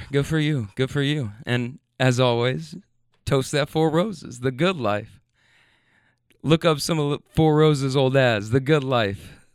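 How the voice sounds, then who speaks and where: A man's voice: a little high, no room sound, studio quality. A man hosting a late-night rambling monologue, loose and laughing, repeating himself and getting sentimental, a bit tipsy. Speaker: podcast host. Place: studio.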